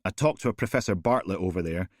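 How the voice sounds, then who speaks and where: A man's voice: deep voice, expressive, fast talker, no room sound, studio quality. A man voicing a young detective reporting back in a wry way.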